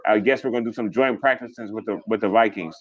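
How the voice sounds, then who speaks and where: A man hosting a casual livestream, chatting fast and rambling, swearing freely as he reads viewer comments. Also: fairly low pitch, husky, phone-quality sound. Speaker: livestream host.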